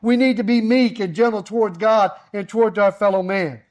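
A man's voice: high voice, steady tone, fairly quick, a little mellow, highs cut off. A man preaching a sermon to his congregation, delivering it with an emphatic, repetitive cadence.

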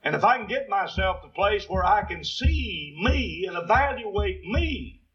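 A man's voice: high-pitched, animated, a little slow, muffled recording. A man preaching a sermon, quoting scripture in King James wording and building to emphatic peaks.

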